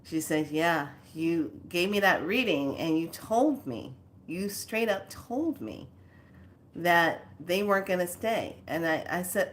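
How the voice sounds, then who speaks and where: A woman's voice: on the low side, takes it slowly. A woman hosting her own spiritual channel, telling a story casually and acting out both sides of the conversation. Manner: animated, acts out both sides of a conversation with laughs. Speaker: spiritual teacher and channel host.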